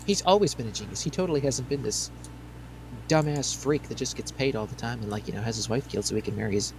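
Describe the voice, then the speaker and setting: A man's voice: medium pitch, fast, a little hiss or hum. A man co-hosting a casual commentary chat, talking in a sarcastic, mocking way. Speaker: co-host.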